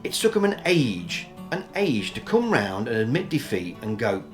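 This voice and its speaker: A man's voice: medium pitch, very animated, moderate pace, few pauses, faint music behind. A man giving casual, opinionated commentary as a news vlogger, talking in a chatty, rambling way with many ums and restarts.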